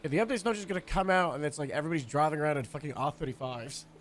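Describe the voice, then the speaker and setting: A man's voice: on the high side, very fast, slight background noise. A man streaming a role-play game, chatting casually in a rambling, profane way. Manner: laid-back, rambling, profane.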